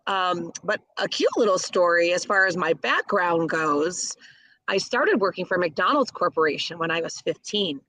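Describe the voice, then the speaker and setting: A woman's voice: fairly low pitch, normal speed, fairly bright tone, no room sound, rough recording. A middle-aged woman from the Chicago area, a caterer, telling stories in an interview with gushing enthusiasm. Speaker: guest, caterer. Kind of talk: interview storytelling.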